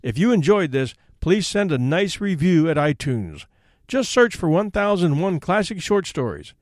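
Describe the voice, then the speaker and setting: Animated male storyteller, dry recording. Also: a little high, normal speed, no echo. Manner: animated, expressive reading. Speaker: podcast host and storyteller. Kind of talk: scripted story narration.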